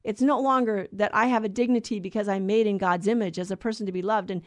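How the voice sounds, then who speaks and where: A woman's voice: mid-range voice, steady tone, fast, dry recording. A woman co-hosting a Catholic talk show, teaching in an earnest, storytelling way. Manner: earnest storyteller who acts out quoted voices. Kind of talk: conversational faith teaching.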